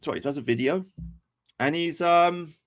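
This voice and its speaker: A man's voice: a little high, normal speed. An English man ranting on a commentary stream, angry, sweary and incredulous. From England.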